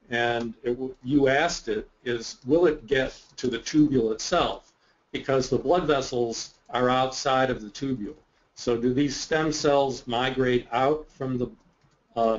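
Measured man explaining in a muffled webinar. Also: mid-range voice. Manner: measured, explanatory, self-deprecating humor. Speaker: guest expert. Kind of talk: webinar Q&A answers.

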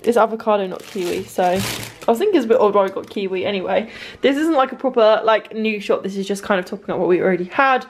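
A young adult woman with a mid-range voice talks fast in a casual at-home vlog. She's chatty and drops "literally" into nearly every sentence.

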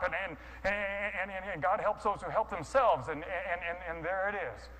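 A man's voice: on the high side, lively intonation, a little fast, few pauses, fairly bright tone, long reverb tail, rough recording. Man acting out a sermon story, stammering. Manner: stammering restarts, acting out inner thoughts. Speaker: guest speaker.

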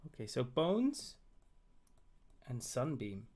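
A man's voice: medium pitch, huge pitch swings, takes it slowly, warm tone. A man playing his character in a tabletop game, politely courteous and a little flustered. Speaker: player. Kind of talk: in-character role-play.

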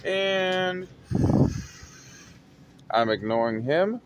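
A man telling a story from his retail job in an animated, dramatic way. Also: high-pitched, extremely slow, lo-fi sound, heavy background noise. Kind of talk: casual storytelling vlog.

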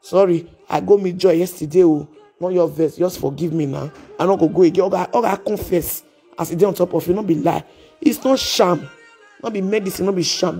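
A woman with a Nigerian accent talks to her viewers on a live stream, loose and chatty. She slides between Pidgin and plain English and laughs as she goes. Soft music plays faintly behind her. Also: medium pitch. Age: adult with children. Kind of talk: casual live-stream chat.

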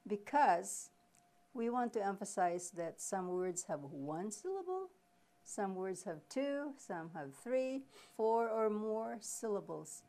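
A woman presenting a reading workshop, explaining slowly with pauses and asking questions, then answering them herself. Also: medium pitch, lively intonation, warm tone. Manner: slow, deliberate explaining with pauses. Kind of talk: live teaching workshop.

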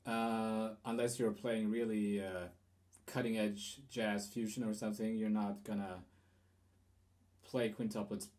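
Mellow-voiced man teaching guitar. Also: on the low side, little pitch movement, unhurried. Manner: hesitant, explanatory, many fillers and restarts. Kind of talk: instructional guitar lesson.

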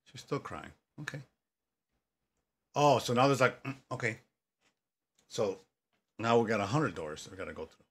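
A man's voice: medium pitch, lively intonation, normal speed, pauses often, a bit bright, slightly rough. A man giving joking commentary on a horror game, reacting aloud to scares and talking back to the story. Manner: jokey, talks back to the game, yelps at scares. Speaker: gaming commentator.

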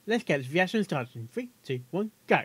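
A man's voice: a little high, sing-song, brisk, husky, no room sound. A man hosting a casual reaction video, chatty and giggly, often tripping over his words.

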